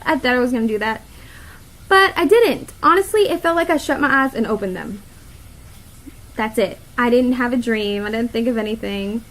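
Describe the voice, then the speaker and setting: Chatty young woman, slightly high voice. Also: fairly quick, poor audio. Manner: chatty, many fillers and quoted inner thoughts, laughs often. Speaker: vlogger. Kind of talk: casual storytelling vlog.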